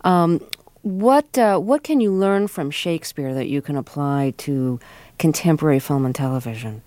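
A woman with a low voice hosts a radio interview. She asks curious, probing questions. Her voice sounds close and dry in the studio. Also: expressive, moderate pace, mellow, no room sound. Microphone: studio mic.

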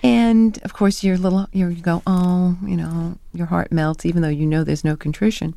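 Gravelly low-voiced woman telling stories. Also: moderate pace, no echo. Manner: animated storyteller who acts out quoted lines. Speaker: researcher being interviewed. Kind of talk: conversational interview.

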